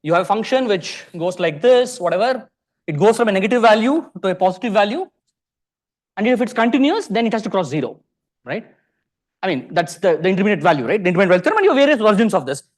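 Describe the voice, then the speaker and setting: Animated Indian man giving a lecture. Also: high-pitched, quick pace. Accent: Indian English. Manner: animated, peppers sentences with rhetorical questions. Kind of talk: conference lecture to a live audience. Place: lecture hall.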